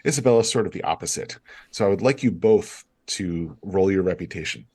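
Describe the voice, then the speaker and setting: A man's voice: sits low, fairly quick, a little mellow, husky. A man running an improvised tabletop game as game master, narrating in a hesitant, apologetic way with many fillers.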